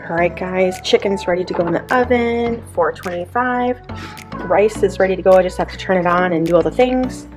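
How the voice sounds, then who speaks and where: A woman's voice: on the low side, fairly quick, over music. A woman in her thirties chatting casually to the camera about her meals and errands, upbeat and full of fillers. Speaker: lifestyle vlogger. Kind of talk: casual what-I-eat chat to camera. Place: in a parked car.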